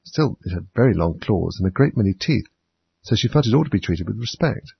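A man reading a storybook aloud as narrator in a steady, measured way. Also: fairly low pitch, vocal fry, breathy edge, muffled recording. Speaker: audiobook narrator.

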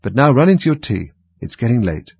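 A man voicing a gentle, soothing older sister in a storybook reading. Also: mid-range voice, sing-song, brisk, creaky, breathy edge, no room sound, exaggerated voice. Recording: dull lo-fi recording.

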